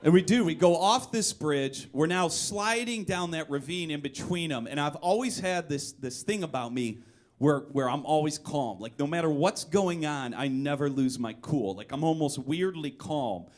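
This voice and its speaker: A young man performing a live one-man comedy story on a club stage, animated, breaking into shouts and high-pitched voices for quoted people, with the audience laughing. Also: normal speed. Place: live music venue stage.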